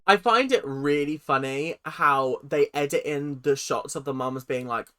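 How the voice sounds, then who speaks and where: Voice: medium pitch, measured pace, faint music behind. A person hosting a casual reaction video, chatty, opinionated and at times sarcastic. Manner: animated and opinionated, sometimes sarcastic.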